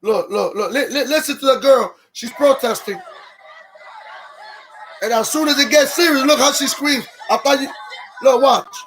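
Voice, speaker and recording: A man's voice: very high voice, normal speed, long pauses, fairly bright tone, a little hiss or hum. A man hosting a casual livestream, greeting viewers and repeating himself, growing heated and incredulous as he comments on a video. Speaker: livestream host.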